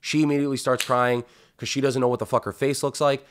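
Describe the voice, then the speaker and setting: A man hosting a podcast, telling a long story in a casual, profane, animated way and acting out what people said. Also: mid-range voice, fast talker, clean tone. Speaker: podcast host.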